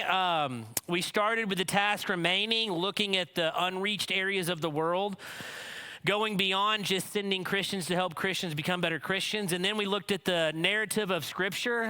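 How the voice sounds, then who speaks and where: A man's voice: high-pitched, normal speed, bright, forceful tone, smooth. A man preaching at a missions conference, telling a family story and acting out its quotes. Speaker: conference speaker. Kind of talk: sermon.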